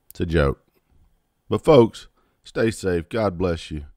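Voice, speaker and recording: His deep, darkish voice moves at a slow pace through a political rant to camera. The host, in his fifties, is blunt and defiant, swearing heavily and adding sarcastic asides, captured in a dry, clean studio recording.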